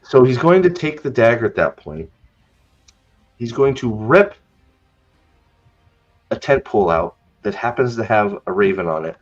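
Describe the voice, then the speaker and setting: Stumbling through sarcastic mock retellings of scenes, a man hosts a podcast in a loose, ranting style. His mid-range voice swings widely in pitch, moving at a measured pace with long pauses, and the audio sounds dull.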